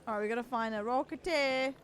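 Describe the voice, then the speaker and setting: A woman's voice: fairly high pitch, fast talker, slight background noise. A woman in her thirties streaming, chatting casually and playfully with a friend while gaming. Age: 30s.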